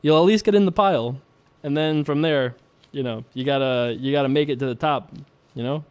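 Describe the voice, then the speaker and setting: A man's voice: medium pitch, brisk, clear, resonant tone. A young man hosting a poker video, chatting casually, laughing often and talking through his hands.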